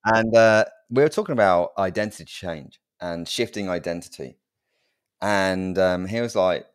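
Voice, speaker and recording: A man with a lowish voice co-hosting a casual podcast. He talks earnestly and with emphasis, urging commitment, and drops in casual swearing. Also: moderate pace, clean tone. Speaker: podcast co-host. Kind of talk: casual chat.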